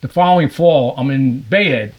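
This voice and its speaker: A man's voice: mid-range voice, moderate pace. An older man from New Jersey, a podcast guest and fishing guide, telling stories in a casual interview and acting out other people's voices. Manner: animated, acts out the voices of others in his anecdotes.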